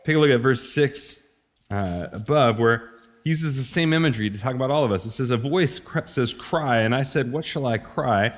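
A man's voice: mid-range voice, expressive, a little fast. Casual-sounding male preacher. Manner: casual, conversational preaching with slang and laughs. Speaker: pastor. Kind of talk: sermon.

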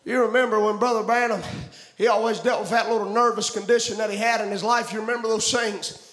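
A man preaching a fervent revival sermon, shouting and chanting in a sing-song style. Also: high voice, fairly even intonation, fast. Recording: roomy echo.

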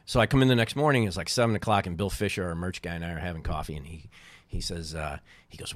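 Animated storytelling man, low dry voice. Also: fast, no room sound. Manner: animated storyteller, acts out quoted people, laughs often. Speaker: podcast guest, former baseball team co-owner. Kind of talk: casual storytelling chat.

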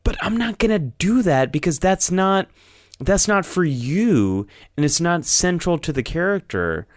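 A man's voice: high voice, very animated, a little slow, no echo, clean studio sound. A man co-hosting a podcast, talking casually and animatedly and often repeating words as he thinks. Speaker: podcast co-host. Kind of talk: casual chat.

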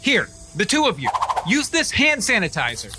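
A man's voice: high voice, wildly swooping pitch, normal speed, loud music behind the voice. A man playing a brash foul-mouthed newsman. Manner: crude, blustering. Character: brash profane male TV newsman. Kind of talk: comedic audio play.

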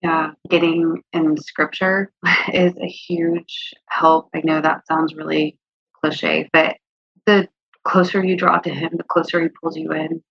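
A woman's voice: low voice, little pitch movement, a little slow, gravelly, no echo. A woman guest sharing her faith testimony in an earnest, heartfelt way, at times close to tears. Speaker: interview guest. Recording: dull, slightly lo-fi, dry sound.

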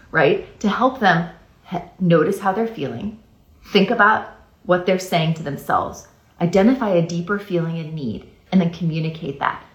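A woman's voice: lowish voice, roomy sound, lo-fi sound. A woman hosting a casual parenting podcast, speaking earnestly and reading out listener messages.

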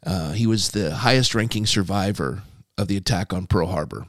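Pastor guy telling a story, lowish voice, dry close sound, gets animated doing the old man's lines. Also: moderate pace, no room sound. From California. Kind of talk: storytelling in a podcast conversation.

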